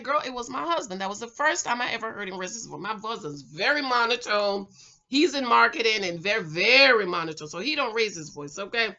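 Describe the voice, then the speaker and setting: A middle-aged woman talks to the camera in an animated, chatty way, with a rather high voice and a bright, forceful edge. She keeps calling her viewers "girl" and "ladies" and checks in with them as she talks. The sound is slightly dull and muffled. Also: a little fast. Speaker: vlogger reviewing a reality show. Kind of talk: casual chatty commentary. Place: her home.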